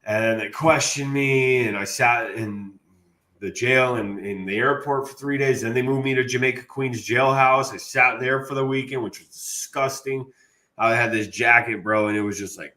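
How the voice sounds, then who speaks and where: A man, an interview guest, telling a long story in a casual, animated way and saying "bro" a lot. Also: medium pitch. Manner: animated, slangy, says "bro" often.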